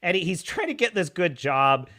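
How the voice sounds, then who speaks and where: A man's voice: high-pitched, big pitch swings, moderate pace, sharp tone. A man hosting a podcast, giving opinionated casual commentary in a mocking way and laughing often. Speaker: podcast host.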